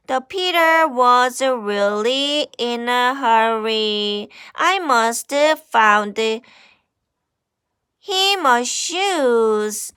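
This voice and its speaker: A woman's voice: a little high, lively intonation, drawn-out words, sharp tone, clean tone, dry recording, studio quality. A woman with a Korean first language reading a picture book aloud to children as their English teacher, exclaiming and asking the listener questions.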